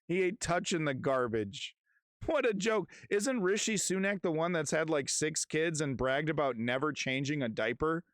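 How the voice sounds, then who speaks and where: A man's voice: on the high side, animated, moderate pace, few pauses, no echo. A man hosting a livestream, reacting in casual, rambling, profane commentary from his garage. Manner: rambling, swearing, restarts, laughing along. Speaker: livestream host.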